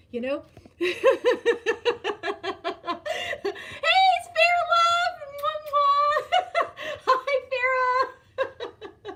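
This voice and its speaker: A woman hosting a casual live stream chat, telling a story with frequent laughter and greeting viewers by name. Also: high-pitched. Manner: animated, laughs often, greets chatters by name.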